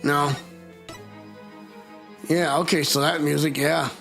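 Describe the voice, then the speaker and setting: A man's voice: fairly high pitch, flat delivery, slow, gravelly, a bit bright, faint music behind. A man chatting casually on a live stream, rambling with lots of fillers.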